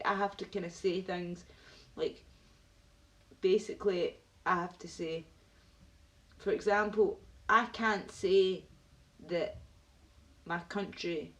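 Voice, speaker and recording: A woman chatting casually on a live stream, rambling and ranting while answering viewers by name. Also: lowish voice.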